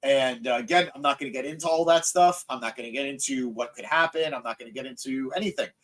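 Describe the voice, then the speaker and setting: Excitable joking man hosting a podcast. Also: mid-range voice, quick pace. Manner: excitable, joking, self-mocking, frequent fillers. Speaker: podcast host. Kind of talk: live wrestling review podcast, reading viewer comments.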